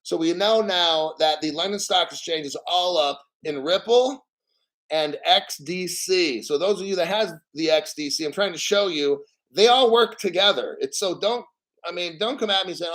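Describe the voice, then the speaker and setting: A man's voice: sits high, expressive, a bit bright. Brash profane crypto vlogger man. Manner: brash and profane, jokey asides; emphatic, repeats words slowly. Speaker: crypto channel host. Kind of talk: casual crypto vlog commentary.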